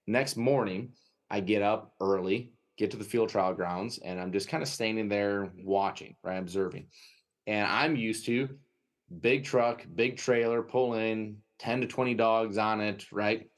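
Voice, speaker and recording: A man with a Wisconsin accent, a guest telling a lively anecdote in an interview and often tagging his sentences with "right?". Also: on the low side, unhurried. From United States. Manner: lively anecdotal storytelling, frequent "right?" tags. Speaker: guest, dog trainer. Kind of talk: storytelling interview.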